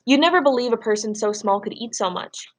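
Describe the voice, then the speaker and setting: A woman teacher reading a novel aloud to her students in a measured, expressive way, then setting them a question. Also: on the high side.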